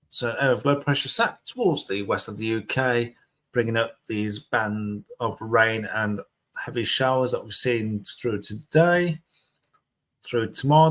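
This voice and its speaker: A man, presenting a casual amateur weather forecast on a live stream in a relaxed, chatty way. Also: mid-range voice. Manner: laid-back, chatty, laughs often.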